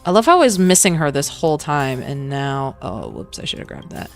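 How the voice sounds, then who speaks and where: A woman's voice: very deep voice, sing-song, brisk. A woman streaming as a virtual singer and gacha player, chatting playfully with her chat while she plays, humming and laughing as she goes. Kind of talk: casual live-stream chat while gaming. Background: background music.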